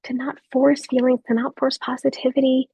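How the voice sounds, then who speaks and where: A woman in her thirties giving a gentle motivational talk to a live audience of mothers, speaking softly with reflective pauses. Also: high voice, little pitch movement, vocal fry, breathy edge, dry recording. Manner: soft, warm encouraging delivery with reflective pauses.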